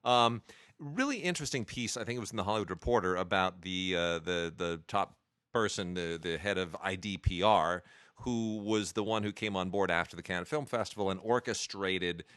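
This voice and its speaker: Male podcast host, low, dry, chatty with fillers, recovering voice. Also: moderate pace, a bit bright, clear, resonant tone, no echo. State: recovering from lost voice. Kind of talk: casual film podcast chat.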